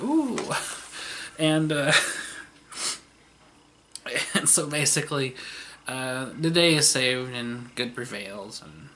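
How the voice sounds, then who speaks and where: A man with a gravelly yet bright, forward voice at a middle pitch recaps an old TV series in a rambling vlog. Fillers and chuckles are everywhere, and a faint noise hums beneath him.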